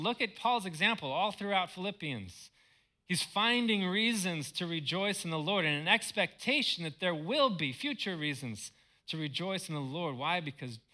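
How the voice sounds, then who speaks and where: Bright-voiced man preaching a sermon. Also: fairly high pitch. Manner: earnest, repeats words when emphasizing. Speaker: pastor.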